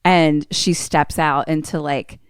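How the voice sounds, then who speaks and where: A woman's voice: low-pitched, steady tone, slow, smooth, dry recording, studio quality. A young woman co-hosting a podcast, recapping a movie in a casual, profane way and laughing as she tells it. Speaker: podcast co-host.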